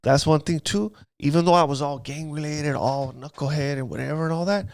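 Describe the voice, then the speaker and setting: A man's voice: fairly high pitch, fairly even intonation, fairly quick, creaky, dry recording. A man telling his life story in an interview, in casual street slang, often asking "you know what I mean". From Los Angeles area. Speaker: guest.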